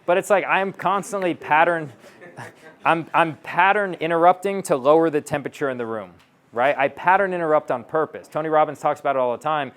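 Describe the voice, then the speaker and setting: A man's voice: a little high, fairly quick, fairly bright tone. A man giving a stage talk to an audience as a sales coach, brash and blunt, swearing and acting out both sides of dialogues.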